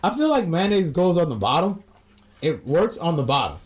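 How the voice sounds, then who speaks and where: Animated high-voiced young man. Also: normal speed. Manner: animated, swears, acts out customers in quoted voices. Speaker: podcast co-host. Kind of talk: casual chat.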